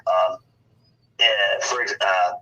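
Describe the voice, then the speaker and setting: A man's voice: sits low, fairly even intonation, slow pace, sharp tone. A man with a Southern US accent, co-hosting by phone in a casual chat, blunt and profane. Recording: distant tinny phone line.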